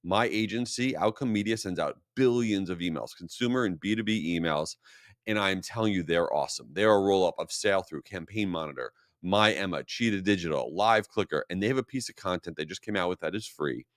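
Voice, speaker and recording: A man hosting a solo marketing podcast, talking casually and telling stories with a self-mocking, animated manner. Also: low-pitched, a little fast, dry recording, clean studio sound. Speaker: podcast host.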